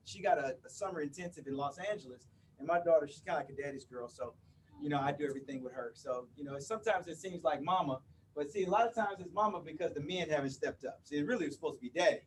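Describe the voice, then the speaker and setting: A man's voice: a little high, far from the mic, a little hiss or hum. A man of about fifty giving a live motivational talk to an audience, playful and chatty, often checking in with the crowd. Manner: playful, banters with the crowd, often asks "you with me?". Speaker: motivational speaker. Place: event room before a live audience.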